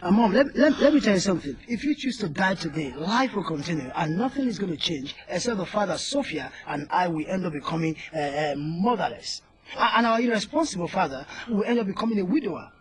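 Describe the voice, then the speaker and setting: A man's voice: high-pitched, expressive, fast. A man playing a flippant cocky young son. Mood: mocking. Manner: flippant, mocking. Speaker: actor. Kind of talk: Nigerian film drama.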